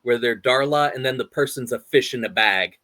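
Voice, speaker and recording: A man hosting a casual interview, animated and jokey. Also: medium pitch, normal speed, no echo. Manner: animated, jokey, laughs often. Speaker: host.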